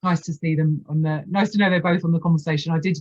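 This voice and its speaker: A woman's voice: low-pitched, steady tone, fast talker, darkish tone, muffled recording. A woman hosting a video call conversation, speaking in a supportive, reflective way. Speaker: host.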